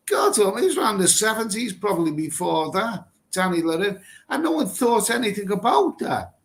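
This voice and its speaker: A man's voice: sits high, sing-song, moderate pace, creaky. Blunt, rambling Englishman hosting a livestream. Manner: blunt, rambling, swears casually, repeats himself. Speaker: livestream host reading viewer comments. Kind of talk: casual live chat, reacting to comments. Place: Thailand.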